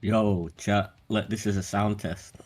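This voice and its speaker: A laid-back man co-hosting a livestream, chatting casually from the floor with his mic set low. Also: fairly even intonation, unhurried, crowd noise. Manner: laid-back, laughs easily. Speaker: co-host. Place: sitting on the floor at home.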